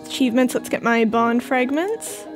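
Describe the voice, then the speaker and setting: A woman's voice: on the high side, animated, moderate pace, music in the background. A young woman streaming a game at home, chatting playfully with her viewers as she plays. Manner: chatty, playful, talks to chat. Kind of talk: casual gameplay commentary. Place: indoors at home, cold room.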